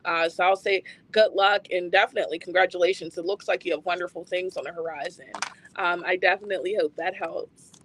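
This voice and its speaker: A woman psychic speaking steadily on a live stream, pausing on fillers. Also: on the low side, fairly even intonation, fairly bright tone, slight background noise, low-quality recording. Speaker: psychic reader.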